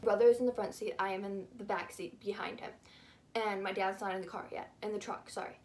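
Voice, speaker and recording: A young woman telling a childhood story on her channel, animated and rambling with lots of fillers. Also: medium pitch, a little fast, a little hiss or hum. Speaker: YouTuber. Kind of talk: casual storytime.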